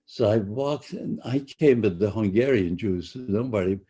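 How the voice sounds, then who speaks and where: An older man giving personal testimony to students, halting and often repeating or restarting his phrases. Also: on the low side, warm tone, slightly rough. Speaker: Holocaust survivor speaker.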